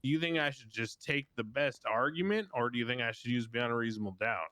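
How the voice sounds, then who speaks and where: A man's voice: medium pitch, fast talker, pushed and bright, no room sound. Dry-miked man playing a judge. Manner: stern, probing questioner. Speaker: judge in a roleplay court. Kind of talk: in-character roleplay banter.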